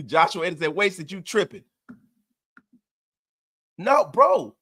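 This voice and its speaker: High-pitched male streamer hosting a post-game fan show, excitable, loud and repetitive. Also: slow. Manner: excitable, loud, repeats himself, banters with chat.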